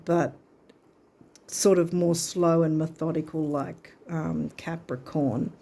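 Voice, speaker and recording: Woman card reader, mellow low voice, chatty, thinks aloud as she goes. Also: fairly even intonation, slow pace, vocal fry. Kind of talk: casual spoken reading.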